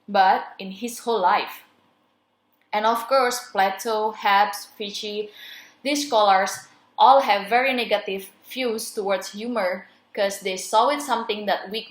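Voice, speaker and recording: A young woman reading the part of a friendly male neuroscientist guest, explaining in plain, measured phrases. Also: mid-range voice, lightly acted. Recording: roomy echo.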